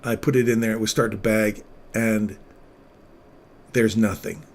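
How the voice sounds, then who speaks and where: A man hosting a casual livestream, once a paramedic, talking with earnest feeling and sometimes dropping his voice very low. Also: flat delivery, moderate pace. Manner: earnest, emotional storytelling, drops to near-whisper at tender moments. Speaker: livestream trading host, former paramedic.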